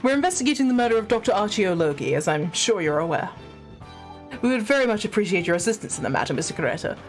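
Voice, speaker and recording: A woman voicing a polite, formal male detective who speaks in a measured, courteous way. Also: mid-range voice, very animated, faint music behind, close to an everyday voice.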